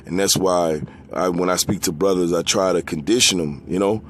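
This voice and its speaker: A low-pitched man delivers a blunt, profane sermon, climbing sharply when he drives a point home. He drops into a quiet, subdued voice for scripture readings. Faint music plays underneath. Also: moderate pace. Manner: reads scripture in a lower, quieter voice. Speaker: preacher.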